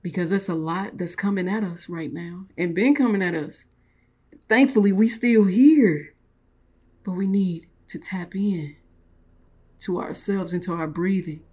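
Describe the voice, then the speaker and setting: A woman's voice: fairly low pitch, a little slow, darkish tone, breathy edge. A woman giving a spiritual motivational talk, reflective, often repeating and restating her words. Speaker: spiritual speaker.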